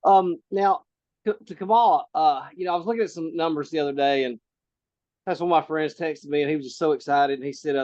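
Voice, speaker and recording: A man's voice: fairly high pitch, a little fast, a little mellow, no room sound. Man hosting a talk show, muffled sound. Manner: conversational, many restarts, asks questions. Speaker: podcast host. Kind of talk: casual political chat.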